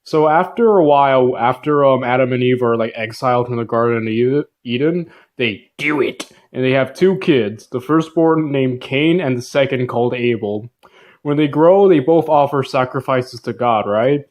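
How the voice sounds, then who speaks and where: A man's voice: medium pitch, normal speed. Jokey, slang-filled male narrator. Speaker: video narrator. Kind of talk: comic casual Bible summary narration.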